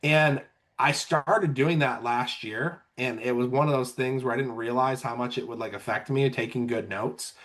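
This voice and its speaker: In a relaxed podcast chat, this insurance agent manager recounts sales experiences and voices his clients' words. He has a mid-range, fairly bright voice and keeps a moderate pace.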